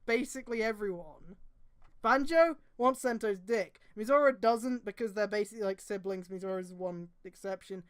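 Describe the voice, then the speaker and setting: A woman's voice: medium pitch, normal speed. A woman on a stream reading a bad fanfic aloud and breaking off into sarcastic, profane commentary.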